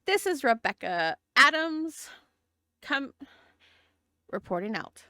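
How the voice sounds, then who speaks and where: A woman's voice: sits high, big pitch swings, slow, bright, forceful tone, no echo, studio quality, exaggerated voice. A woman putting on a frantic TV news reporter. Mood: urgent. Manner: breathless newscaster delivery, rising alarm. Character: female TV news reporter, urgent and dramatic. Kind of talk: tabletop role-play.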